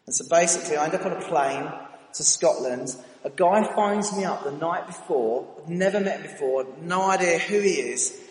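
A British man telling a lively, self-mocking story during a sermon at church. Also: fairly high pitch, moderate pace. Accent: British English. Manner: animated, anecdotal, self-mocking. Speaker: church speaker. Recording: reverberant hall, faint ambience.

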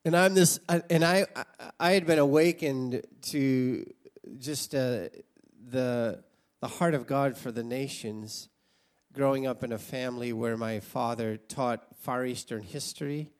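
An American man in his sixties telling a personal story as a sermon, animated and laughing often. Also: mid-range voice, unhurried. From United States. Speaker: preacher.

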